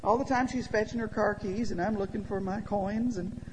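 A woman speaking to an audience, telling a funny personal story with animated timing that drops to a hush at quiet moments. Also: mid-range voice, normal speed. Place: large hall with audience. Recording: long hall reverb, faint background noise.

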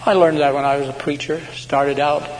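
A man preaching a sermon as a pastor, telling stories dramatically and swinging between loud, slow proclamations and hushed asides. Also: a little high, little pitch movement. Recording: hall reverb with faint background noise.

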